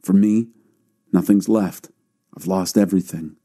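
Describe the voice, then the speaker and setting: A man's voice: deep voice, steady tone, unhurried, warm tone. A man reading the lines of a grieving, fearful old father in a scripture reading. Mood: sorrowful. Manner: mournful, pleading.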